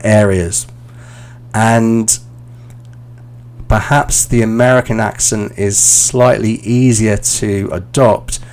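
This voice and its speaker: A London man in his thirties with a London accent teaches English on a live stream. His voice sits fairly low and has a gravelly, creaky edge. He talks in a loose, chatty way, pausing on fillers while he answers viewers. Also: a little mellow. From London, England.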